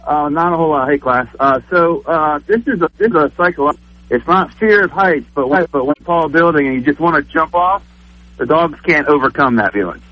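A man's voice: on the high side, fairly quick. A man calling in to a radio show, talking in a casual, laid-back way. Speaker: caller. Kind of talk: phone call to radio show. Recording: dull lo-fi phone line.

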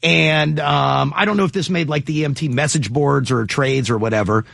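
A male radio host chatting with callers in a joking, animated way, often pausing to find his words. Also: a little high, vocal fry, dry recording, studio quality. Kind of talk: call-in radio chat.

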